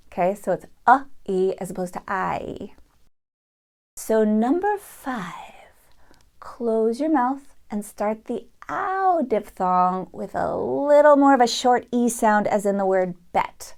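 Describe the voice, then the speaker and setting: A woman's voice: mid-range voice, slow pace, a little mellow. Woman teaching sounds. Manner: demonstrates sounds, switching in and out of an Irish accent. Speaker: accent coach. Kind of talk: dialect tutorial.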